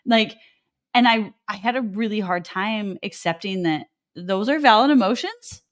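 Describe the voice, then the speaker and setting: A woman's voice: medium pitch, moderate pace. Earnest, reflective woman podcast co-host. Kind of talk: casual conversational podcast chat.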